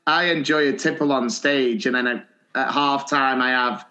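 A man's voice: mid-range voice, steady tone, normal speed, bright, forceful tone. A British man co-hosting a casual podcast, joking and self-deprecating. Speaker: podcast co-host.

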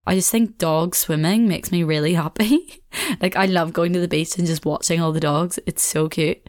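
Young Belfast woman, solo podcast host, lower voice, rambling and chatty. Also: fairly even intonation, moderate pace, darkish tone. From Northern Ireland. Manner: chatty, rambling, laughs often, swears casually. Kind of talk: casual solo podcast chat.

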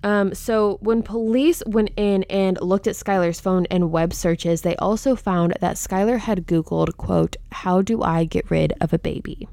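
A woman's voice: mid-range voice, steady tone, measured pace, gravelly, hardly any pauses, mellow, dry recording. A young woman hosting a true-crime podcast, talking casually and openly indignant about the case. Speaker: podcast host.

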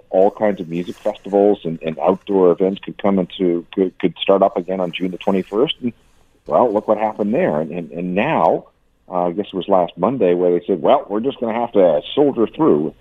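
Brief: deep, husky-voiced male music commentator calling in by phone, tinny line, animated, stammers. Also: normal speed, dry recording. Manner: stammering, repeats words, animated. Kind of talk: phone-in radio interview. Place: lives in Canada.

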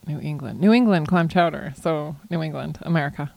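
A woman's voice: sits low, brisk, gravelly, a little mellow, no echo. A woman guest on a podcast, answering quiz questions in a flustered, exclaiming way. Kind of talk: casual chat.

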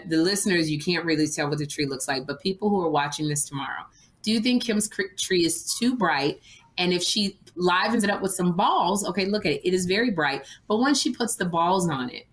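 A woman co-hosting a comedy podcast, teasing her friend in animated banter and acting out what others said. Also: fairly low pitch, a little fast, low-quality recording. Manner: animated, ribbing, acts out others. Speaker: podcast co-host.

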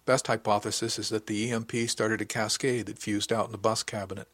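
A man reading a brisk, wry ship's engineer. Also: lowish voice, flat delivery, fairly bright tone, no room sound. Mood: reporting. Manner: brisk, practical instructions, dry humor. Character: calm, good-humored male ship engineering officer.

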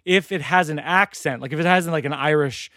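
A man hosting a comedy podcast, talking casually with quick halting restarts and playful bits. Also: a little high, pushed and bright, no room sound, studio quality. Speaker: podcast host. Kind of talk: casual chat about comedy.

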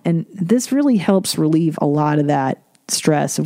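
Woman, middle-aged, podcast host, low voice, rambling, profane, blunt, dry close sound. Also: lively intonation, a little slow, dark tone, no room sound. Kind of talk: casual solo podcast talk.

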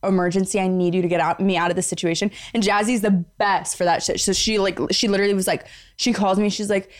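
A woman in her twenties, co-hosting a podcast, telling a gossipy story full of "like" with her voice jumping up when excited. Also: medium pitch, fast talker. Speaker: podcast co-host. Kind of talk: casual chat.

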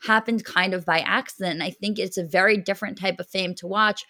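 A woman co-hosting a podcast in casual chat, talking in quick, chatty bursts with many fillers. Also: medium pitch, steady tone, sharp tone, no echo, clean studio sound. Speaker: podcast co-host.

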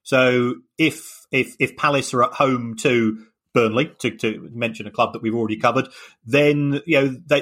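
A man's voice: mid-range voice, fairly bright tone. A man co-hosting a podcast, explaining finance in a hesitant way, often repeating his words. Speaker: podcast co-host, finance analyst.

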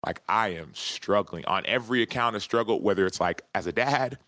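A man's voice: on the low side, fairly quick, sharp tone, no echo. A man in his thirties, a podcast guest, telling a personal story in an earnest, heartfelt way during a casual interview.

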